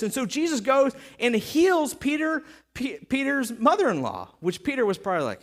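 Lively high-voiced man preaching. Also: brisk. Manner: animated and joking, with many restarts and acted-out quotes. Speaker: pastor. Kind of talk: casual sermon.

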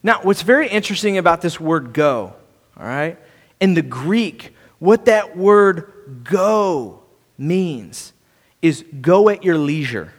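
A man preaching a sermon, earnest, restarting and repeating words and swinging between soft and loud. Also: fairly high pitch, animated, takes it slowly, big-room sound. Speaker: pastor.

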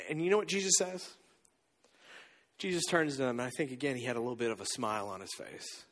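A man preaching a sermon as pastor, telling a story with animated dialogue and acting out the characters. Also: medium pitch, fast, big-room sound.

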